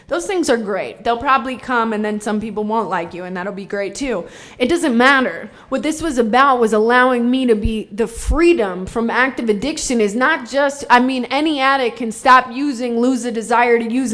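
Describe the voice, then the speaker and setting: A woman's voice: on the high side, a bit bright. A woman telling her own recovery story in a blunt, darkly funny way, swearing freely. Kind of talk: candid personal testimony.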